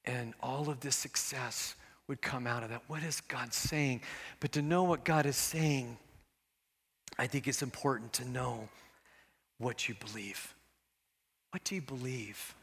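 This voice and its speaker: A man's voice: medium pitch, normal speed, a bit bright, breathy edge. A middle-aged man preaching a sermon as pastor, earnest and conversational, with casual asides. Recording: echoey hall with long reverb.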